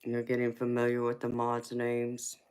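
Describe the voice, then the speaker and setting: Speaking in a monotone bass voice, darkish, clear, and resonant at normal speed, this tarot livestream host has a Southern Georgia accent. Getting over a cold, she reads live chat comments casually and answers viewers affectionately with sweetheart and honey.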